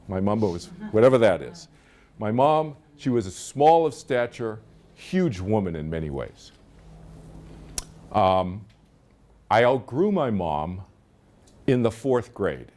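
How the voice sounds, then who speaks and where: Frequently checking in with his audience, a middle-aged seminar speaker keeps his live talk chatty and full of stories. His voice sits on the low side with a slightly mellow quality.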